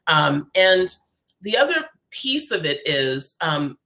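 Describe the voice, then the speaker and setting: Woman, business coach, emphatic and persuasive, slightly low voice, live video-call interview. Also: sing-song, takes it slowly, bright, forceful tone. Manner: emphatic, persuasive, repeats key phrases.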